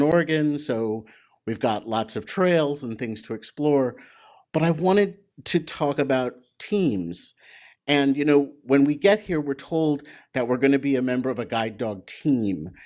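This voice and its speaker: A man in his forties gives a heartfelt graduation speech, halting and restarting as he talks. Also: mid-range voice, darkish tone. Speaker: graduate speaker.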